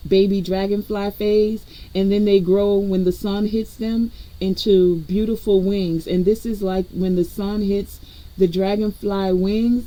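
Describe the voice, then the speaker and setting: A woman with a dark, mid-range voice gives a collective spiritual energy reading, speaking conversationally and addressing her viewers directly. The audio quality is poor.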